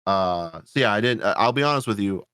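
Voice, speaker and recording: A man's voice: lowish voice, expressive, fairly quick, sharp tone, smooth, no room sound, clean studio sound. A man hosting a podcast, reviewing a horror movie in a casual, sarcastic, rambling way, swearing often. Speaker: podcast host.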